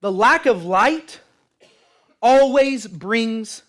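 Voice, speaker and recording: A man preaching a sermon as a pastor, impassioned and storytelling, swinging between loud declarations and hushed lines. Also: very high-pitched, expressive, drawn-out words. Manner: storytelling with acted quotes.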